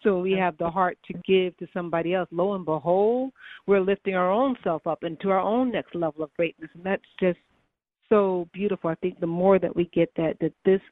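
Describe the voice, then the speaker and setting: Enthusiastic radio host, encouraging and warm in tone, thin phone-like sound. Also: medium pitch, fairly even intonation, a little fast, dry recording. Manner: enthusiastic and encouraging, with some restarts. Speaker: talk show host. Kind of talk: radio interview hosting. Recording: dry phone-line audio.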